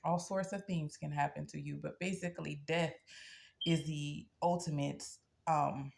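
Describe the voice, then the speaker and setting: Woman host, low and gravelly, blunt casual delivery to camera, checks in with "okay?" constantly. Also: fairly even intonation, measured pace, darkish tone. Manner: tags nearly every sentence with "okay?"; earnest and blunt, telling a personal story. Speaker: spiritual practitioner and channel host.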